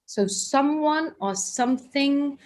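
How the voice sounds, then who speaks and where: A fairly high-voiced woman leads a live group class as its teacher. She talks in a chatty, guiding way, often restarting her sentences as she goes. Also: slow pace. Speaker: workshop teacher.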